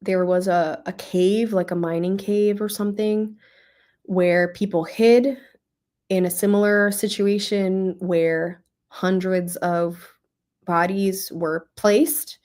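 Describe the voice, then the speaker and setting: A young woman hosting a book club, talking casually and emotionally about a novel, with many fillers and pauses to think. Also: medium pitch, steady tone, darkish tone. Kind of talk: casual book review livestream.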